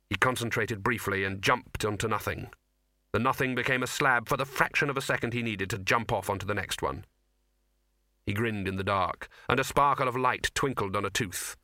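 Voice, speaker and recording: A man reading an audiobook as narrator, in a measured, dry storytelling manner. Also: fairly low pitch, pushed and bright, dry recording. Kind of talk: scripted narration.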